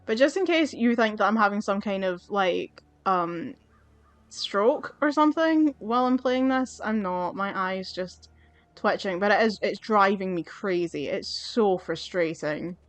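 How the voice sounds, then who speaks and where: A woman's voice: mid-range voice, lively intonation, unhurried, dry recording. A woman hosting a gaming channel, rambling and swearing through casual gameplay commentary, with her mic a little far away. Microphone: desk mic, a bit far from her face.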